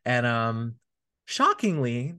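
A man's voice: mid-range voice, huge pitch swings, slow, sharp tone, clear, resonant tone. Guy co-hosting a podcast, chatty and rambly, lots of likes and ums. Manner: chatty, rambling with many fillers. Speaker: podcast co-host. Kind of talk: casual chat.

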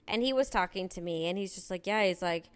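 A woman's voice: on the low side, quick pace, smooth. A woman telling a story in casual chat, acting out what people said to her. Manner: animated storytelling, acting out quotes.

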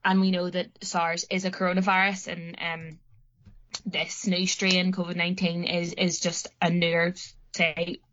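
Woman, Northern Irish accent, young adult, anxious rambling chat, low-ish pitch, dull lo-fi sound. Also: completely flat delivery, measured pace, a bit bright. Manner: anxious, rambling, lots of fillers. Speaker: podcast co-host. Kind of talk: casual chat. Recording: muffled lo-fi audio.

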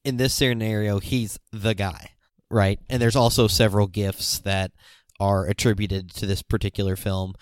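A man hosting a casual podcast, with a fairly low voice. He speaks in a measured, friendly way, checking in with his co-host as he goes. The recording is dry and close. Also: flat delivery, smooth, no room sound. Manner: measured, leans on "you know" and "right?". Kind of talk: casual movie review chat.

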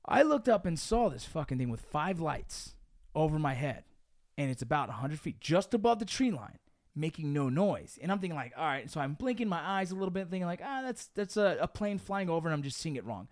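Young guy, quick, swears constantly, dude-and-bro storyteller, dry close mic. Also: on the high side, no echo. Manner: profane, animated, says dude and bro. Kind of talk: casual storytelling chat.

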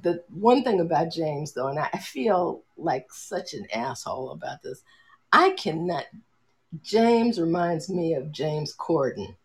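A husky, middle-aged woman's voice talks in a loose, rambling way. She hesitates, circles back and restarts her sentences, full of ums, as she chats with a friend on a podcast. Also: sits low, sing-song, unhurried. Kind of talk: casual chat.

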